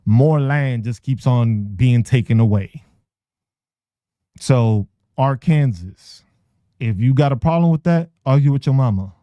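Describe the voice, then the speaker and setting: A male podcast host rants in a loose, casual way, swearing a lot and breaking into laughter. His voice is mellow and dark. The sound is dry and close, with no room echo. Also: mid-range voice, measured pace. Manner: profane, laughing, animated. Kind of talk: casual ranting monologue.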